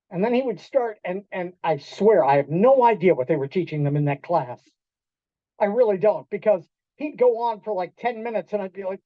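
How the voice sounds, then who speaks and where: A man giving a storytelling talk to an audience in a restaurant event room, animated, acting out quoted voices and quizzing the listeners. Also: high-pitched, moderate pace, dry recording. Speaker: keynote speaker. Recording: dull lo-fi dry sound.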